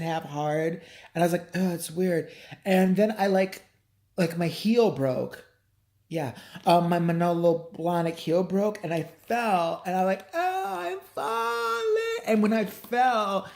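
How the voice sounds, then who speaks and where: A comedian voicing a spacey, ditzy woman who rambles slowly with lots of "like" and "um". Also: mid-range voice, a little mellow. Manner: slow, drawn-out, filled with "like" and "um".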